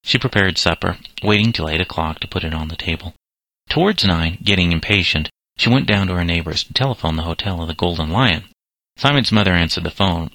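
Low-voiced man narrating an audiobook. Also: brisk, pushed and bright, dry recording, rough recording. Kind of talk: scripted narration.

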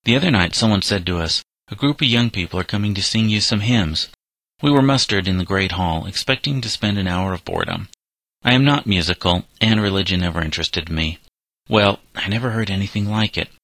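A man's voice: on the low side, a little fast, a bit bright, no room sound, rough recording. A man reading a letter as a plainspoken young male reform-school inmate. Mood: plain.

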